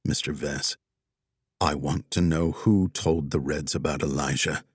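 A man voicing a cold, patient woman with a gun, speaking low, quiet and menacing. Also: steady tone, measured pace, slightly rough, no room sound. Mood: cold menace.

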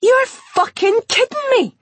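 A woman voicing a brash, excitable young woman friend, with a husky voice. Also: fairly low pitch, moderate pace, no room sound, exaggerated voice. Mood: shrieking.

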